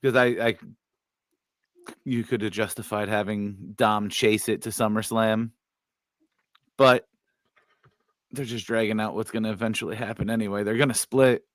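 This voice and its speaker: A man guesting on a podcast, giving energetic opinions in casual chat. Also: lowish voice, normal speed, pauses often, no echo.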